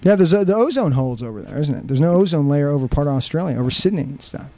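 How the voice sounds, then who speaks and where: A man's voice: on the high side, expressive, very fast, warm tone, no echo. A young man hosting a live radio show, chatting loosely and joking with many fillers. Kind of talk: casual live radio chat.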